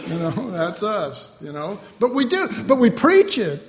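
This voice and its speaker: A man's voice: high-pitched, huge pitch swings, unhurried, long reverb tail. A man preaching a sermon with self-mocking humor, acting out little dialogues in changing voices.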